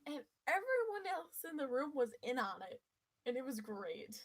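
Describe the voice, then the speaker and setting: A woman telling a personal story to her viewers in a lively, playful, mischievous way. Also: sits high, moderate pace, low-quality recording. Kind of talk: casual storytelling.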